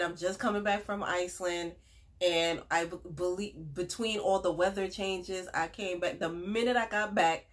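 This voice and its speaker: A woman talks through a casual podcast monologue. Her voice sits fairly low and comes out raspy and stuffy from a cold, chatty and upbeat, full of fillers. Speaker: podcast host, respiratory therapist.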